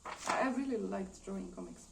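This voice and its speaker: A woman's voice: medium pitch, fairly quick, gravelly. A woman retelling her own old comic in a casual, hesitant way, full of fillers and small laughs. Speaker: artist showing her drawings.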